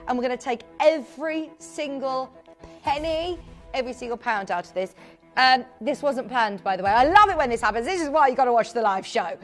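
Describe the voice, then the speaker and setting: A woman's voice: high-pitched, expressive, a little fast, fairly bright tone, soft background music. A woman presenting live on a shopping channel, chatty and upbeat, calling out buyers' names. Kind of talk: live TV sales pitch.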